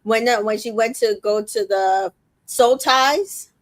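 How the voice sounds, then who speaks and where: Pitched on the high side and speaking slowly, a woman hosts a laid-back recap podcast. She retells scenes by quoting people, curses without restraint and leans on plenty of fillers. The audio has no echo.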